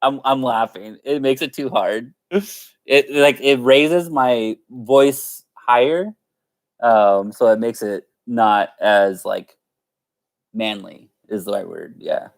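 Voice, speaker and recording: A man with a medium-pitched voice talks slowly and casually to viewers on a live stream. He's playful and chatty, constantly dissolving into giggles and laughter.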